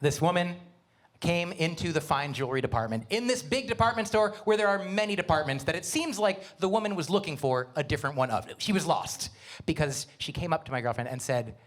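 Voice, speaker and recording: A middle-aged man doing a stand-up comedy set, animated, with quick asides and wordplay. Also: on the high side. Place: comedy venue with live audience.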